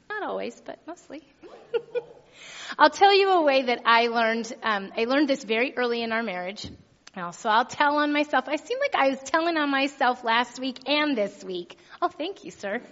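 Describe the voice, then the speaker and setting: A woman's voice: high-pitched, expressive, moderate pace, fairly bright tone. A middle-aged woman preaching a sermon, telling a personal story in a chatty, laughing way. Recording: dull sound with long hall reverb.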